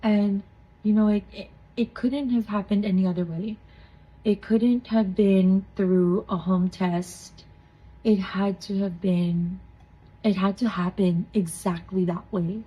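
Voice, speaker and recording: Woman, 30s, husky breathy voice, earnest emotional storytelling, soft laughs, podcast co-host. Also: mid-range voice, steady tone, slow, rough recording. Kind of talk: personal testimony storytelling.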